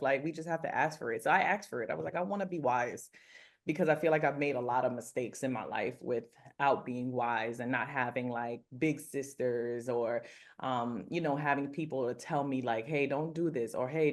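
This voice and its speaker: Low-voiced earnest woman makeup artist. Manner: earnest, rambling, frequent fillers. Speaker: celebrity makeup artist and mentor. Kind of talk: casual faith-focused interview talk.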